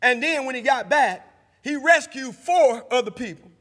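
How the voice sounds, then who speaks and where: High, bright-voiced preacher in a church. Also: male voice, lively intonation, normal speed. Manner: call-and-response preaching, building to shouts. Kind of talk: sermon. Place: church sanctuary. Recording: long hall reverb.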